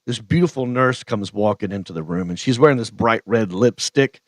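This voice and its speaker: A male comedian guest, telling deadpan comic anecdotes. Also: lowish voice, normal speed, no room sound. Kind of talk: comic storytelling.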